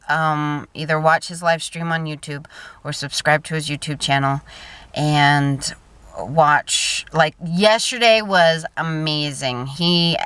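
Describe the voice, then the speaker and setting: A woman's voice: on the low side, bright, forceful tone, smooth, dry recording. A woman in her thirties talking casually to camera in a personal vlog, chatty and emotional, often trailing off and restarting. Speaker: vlogger.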